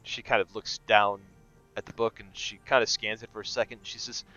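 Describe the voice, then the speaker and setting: A man's voice: lowish voice, flat delivery, a little fast, bright, forceful tone, no room sound, muffled recording, soft background music. A man narrating as game master in a tabletop game, hesitant and full of fillers.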